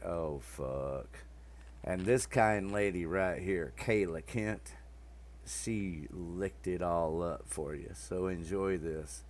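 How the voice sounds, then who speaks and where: Low gravelly guy hosting, slow drawl, crude jokes and cussing. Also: darkish tone, a little hiss or hum. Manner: crude, joking, storytelling banter. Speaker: podcast host introducing songs. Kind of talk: casual chat.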